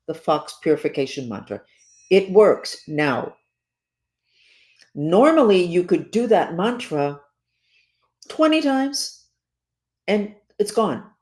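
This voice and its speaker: A woman speaking as a spiritual teacher in a monologue to her listeners. She talks earnestly and urgently, repeats herself and slows down to stress key words. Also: mid-range voice, warm tone.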